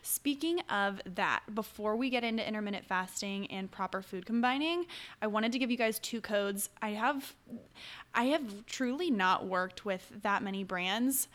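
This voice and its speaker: A woman's voice: mid-range voice, moderate pace, a bit bright. A young adult woman hosting a casual solo podcast, chatty and upbeat with rambling asides. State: hiccuping. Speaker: podcast host.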